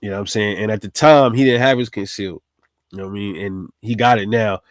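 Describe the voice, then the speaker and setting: A man's voice: lowish voice, quick pace, no echo, studio quality. A man from New City, telling a personal story in a casual, streetwise, profane way. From New York City. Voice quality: streetwise, profane, animated retelling.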